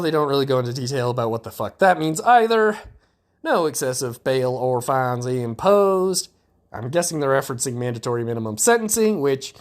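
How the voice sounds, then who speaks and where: A male podcast host giving sarcastic, profane political commentary. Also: mid-range voice.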